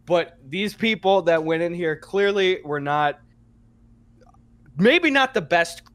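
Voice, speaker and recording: A young man chats on a podcast, his voice sitting a little high for a man. He tells a story with animated energy and casual swearing. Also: takes it slowly, dry recording. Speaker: podcast co-host. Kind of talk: casual chat.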